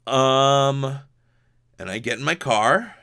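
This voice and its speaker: A man's voice: mid-range voice, lively intonation, measured pace, fairly bright tone. A young man from Hawaii hosting a podcast, telling a story in a rambling, profane casual monologue full of restarts and fillers. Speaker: podcast host.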